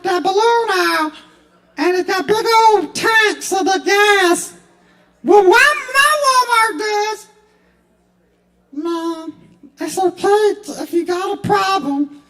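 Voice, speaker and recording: A man putting on a squeaky, helium-voiced guy with a drawl who rambles and pleads. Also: a bit bright, heavily acted.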